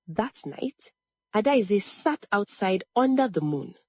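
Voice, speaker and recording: A woman narrating a family drama story in a slow, measured way, pausing between phrases. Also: medium pitch, expressive, darkish tone, breathy edge, no echo, studio quality.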